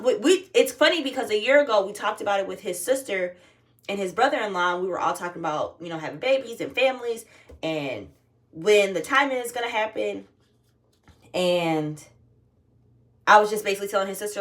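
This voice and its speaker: A young woman vlogger, recorded from a distance, speaks fairly quickly in an expressive mid-range voice. At home in front of her phone camera, she candidly and casually tells a personal story, swearing freely.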